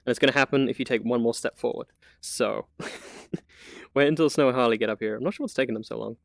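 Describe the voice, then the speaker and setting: A man's voice: mid-range voice, quick pace, creaky, no echo. Chatty man touring a VR build. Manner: chatty, laughs often, many fillers. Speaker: community manager giving a VR tour. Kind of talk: casual live-stream walkthrough.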